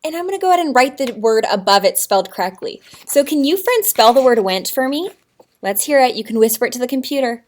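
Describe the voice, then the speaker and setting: A woman's voice: on the high side, big pitch swings, quick pace, a little mellow. A woman teacher giving a recorded writing lesson to young children, in an exaggerated, encouraging sing-song manner.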